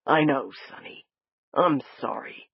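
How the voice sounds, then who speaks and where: A woman voicing a gruff, big man who speaks low, quietly and curtly to a frightened girl. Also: slow, dry recording, full character voice. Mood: gentle. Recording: dull lo-fi dry recording.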